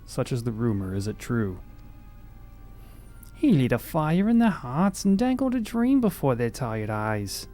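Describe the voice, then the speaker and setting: A man voicing a weary, bitter old male village elder who speaks gravely in old-fashioned phrases. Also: medium pitch, wildly swooping pitch, measured pace, warm tone, faint music behind.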